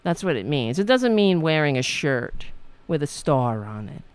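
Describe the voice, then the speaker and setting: A woman's voice: deep voice, sing-song, normal speed, clean tone, no room sound. Sarcastic, profane woman ranting. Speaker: political commentary host. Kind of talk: angry political rant.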